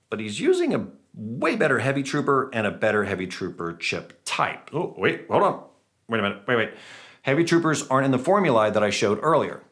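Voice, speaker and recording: Man, gaming channel host, casual commentary, lively pitch, self-mocking, playful.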